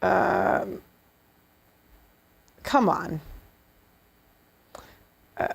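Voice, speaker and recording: A woman's voice: medium pitch, extremely slow, creaky, breathy edge. A woman hosting a show, giving blunt, sarcastic and profane reaction commentary on clips. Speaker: show host.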